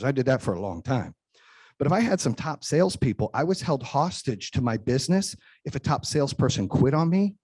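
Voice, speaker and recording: A man's voice: on the high side, darkish tone, slightly rough, no room sound. A man in his forties giving a motivational keynote speech, telling stories with emphasis and frequent "right?" tag questions. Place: event stage before a live audience.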